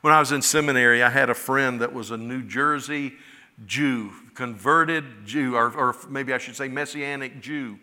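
Impassioned preacher in a reverberant hall. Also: male voice, mid-range voice, moderate pace, sharp tone. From West Florida. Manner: impassioned, rising to emphatic cries. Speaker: pastor. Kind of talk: sermon.

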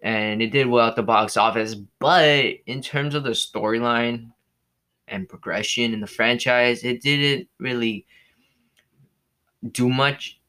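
A man's voice: medium pitch, slow, bright, forceful tone. A man hosting his own movie review show, chatting casually, rambling, losing his train of thought and cursing often.

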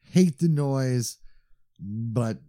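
A man co-hosting a movie podcast, chatting casually and laughing easily. His voice is mellow and warm, and his pitch swings a lot as he talks. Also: drawn-out words. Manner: animated, laughs easily, slips into silly voices. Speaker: podcast co-host. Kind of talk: casual chat.

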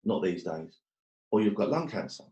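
A man's voice: fairly low pitch, very animated, moderate pace, warm tone, echoey room, muffled recording. A man telling his story as a guest, blunt and swearing often, joking about hard times. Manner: blunt, swears a lot, jokes about hardship. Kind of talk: casual storytelling.

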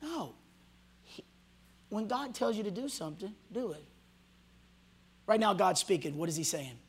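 A male pastor preaching a sermon to a congregation, swinging from loud shouts to hushed near-whispers and acting out the voices of people he quotes. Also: high voice, lively intonation, normal speed, slightly rough. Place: church hall before a congregation.

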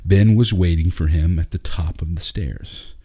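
Brief: calm male narrator for a storybook, deep and mellow. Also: moderate pace, breathy edge. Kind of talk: storybook reading.

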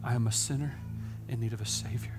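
A man preaching a sermon, swinging from hushed whispers to loud, impassioned preaching. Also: medium pitch, steady tone, quick pace, loud music behind the voice. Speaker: pastor.

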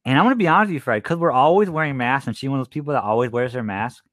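A man's voice: medium pitch, very fast, fairly bright tone, no room sound, clean studio sound. A young man co-hosting a podcast, chatting in an easygoing, teasing and candid way. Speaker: podcast co-host. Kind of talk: casual chat.

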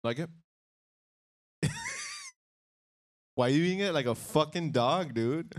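A man's voice: a little high, animated, unhurried. A man co-hosting a podcast in casual banter, laid-back and teasing, laughing and swearing often. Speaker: podcast co-host.

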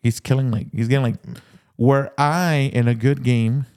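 A man co-hosting a podcast, telling an amused story in lively casual chat. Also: medium pitch, normal speed, smooth. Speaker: podcast co-host.

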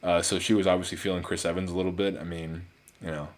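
A man with a very low voice talks through a film in a loose, casual review. He rambles along, circling back with fillers and restarts as he goes. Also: flat delivery, fast talker. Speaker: movie reviewer.

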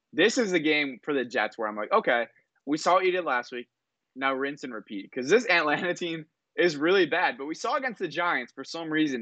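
A man co-hosting a sports talk show, breaking down games in quick, energetic analysis with jokey asides. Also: medium pitch, no room sound, lo-fi sound. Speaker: co-host.

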